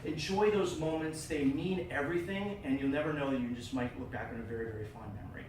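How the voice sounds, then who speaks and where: A middle-aged man giving a personal storytelling speech at a club meeting, animated and acting out the voices of the people in his story. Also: a little high, fast, slight background noise. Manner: animated, acts out quoted voices. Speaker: club speaker. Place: meeting room. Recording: echoey room from far off.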